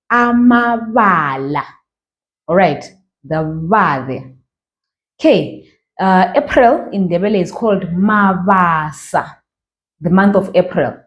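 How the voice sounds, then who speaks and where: Her voice is on the low side and a little mellow. She's a language teacher from Zimbabwe running a beginner reading class, slowly and patiently drawing out each model word and asking "okay?" and "all right?" along the way.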